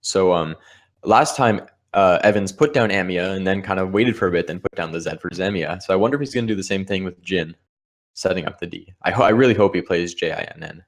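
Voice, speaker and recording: A man with a very deep, low voice commentating a board game match as it happens. He talks through the options and strategy behind each move. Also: fast talker. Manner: analytical, explains strategy. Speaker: Scrabble commentator.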